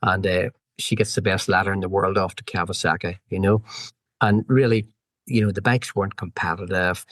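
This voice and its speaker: A middle-aged man with a Northern Irish accent, a podcast guest telling animated anecdotes full of quoted back-and-forth dialogue. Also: low-pitched, fairly quick, no echo. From Northern Ireland. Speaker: guest, former road racer. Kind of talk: storytelling in a podcast interview.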